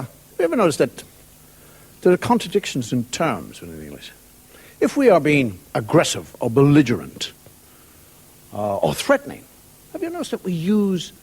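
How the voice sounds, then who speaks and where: Before a live studio audience, a comedian performs a dry, chatty stand-up monologue on a 1990 TV broadcast, with laughter from the crowd. His voice is on the high side, a little mellow and husky.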